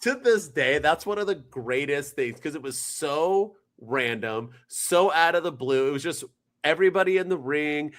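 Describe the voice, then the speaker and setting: A man co-hosting a podcast, chatting casually in an animated, rambling, jokey way. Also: a little high, moderate pace. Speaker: podcast co-host. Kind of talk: casual chat.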